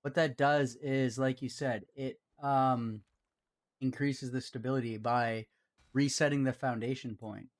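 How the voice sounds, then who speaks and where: A man at a medium pitch, talking casually on a live stream while he builds in a game. He chats in a relaxed way and often drops to a mutter as he works. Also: a little slow.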